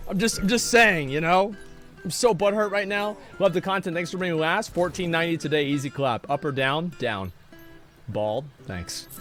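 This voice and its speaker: A man's voice: fairly high pitch, a bit bright. A man in his thirties streaming from home, chatting casually and reacting to chat in a brash, profane, rambling way.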